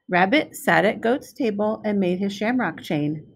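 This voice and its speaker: A woman, a preschool specialist, reading a picture book aloud to young children in a slow, clear storytelling manner. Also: mid-range voice.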